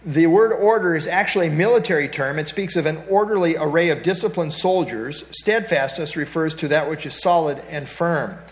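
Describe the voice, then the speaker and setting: A man with a slightly higher than usual voice teaches a Bible lesson from printed notes. He reads passages aloud, explains them, and often pauses to point his listeners to the next paragraph. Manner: reads from notes with frequent fillers and restarts, pointing to the page.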